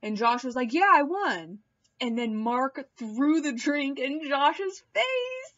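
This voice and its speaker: A young woman with a fairly high voice rattles through reality-show gossip, animated and loose, dropping swear words and breaking into squeaky impressions. She is pregnant and a bit queasy. The sound is dry and a little dull, as if recorded at home. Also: slow, no echo. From Puerto Rican and Cuban heritage. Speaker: vlogger recapping a reality show. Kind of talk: casual gossip recap. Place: hot room at home.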